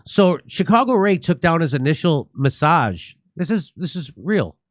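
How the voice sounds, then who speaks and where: A man's voice: a little high, big pitch swings, normal speed, dry recording, studio quality. Sarcastic man hosting a talk show. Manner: sarcastic, joking asides. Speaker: show host. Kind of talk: casual political talk, reading news aloud.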